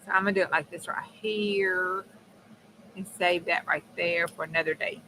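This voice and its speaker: A woman chatting casually on a crafting livestream, folksy and prone to excited laughter. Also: lowish voice, normal speed, slight background noise, rough recording. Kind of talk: casual live-stream chat while crafting.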